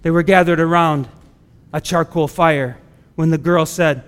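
High-voiced preaching man in a reverberant hall. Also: steady tone, measured pace, a bit bright, clean tone. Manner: conversational preaching, acts out quoted voices. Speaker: pastor. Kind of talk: sermon. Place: church sanctuary.

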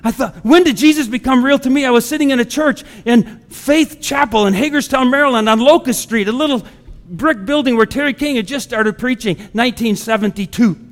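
A male pastor in a church sanctuary preaches in an easy, conversational way and slips into voices for the people he quotes. His voice sits high for a man. Every phrase rings out with the long reverb of a big hall. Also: a little fast. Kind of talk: sermon.

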